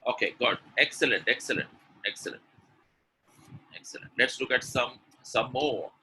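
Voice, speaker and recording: Energetic Indian man teaching pronunciation. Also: mid-range voice, moderate pace, husky, poor audio. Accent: Indian English. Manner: energetic, repeats words, drills sounds aloud, coaxes chat replies. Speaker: spoken English trainer. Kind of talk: live webinar pronunciation lesson.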